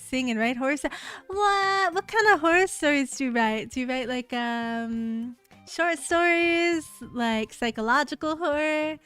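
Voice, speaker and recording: A young woman with a slightly high voice chats upbeat and casually on a live stream, reading viewer messages aloud and laughing often. Her talk is full of "like" fillers, and soft music plays quietly behind her. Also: clean tone. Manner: heavy use of "like" fillers. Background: faint background music.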